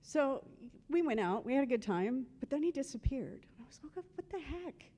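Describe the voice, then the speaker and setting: Higher-voiced woman telling funny memorial stories. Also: lively intonation, a little fast, mellow. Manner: humorous, acts out remembered conversations. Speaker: widow giving a eulogy. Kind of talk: memorial eulogy, storytelling. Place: memorial service.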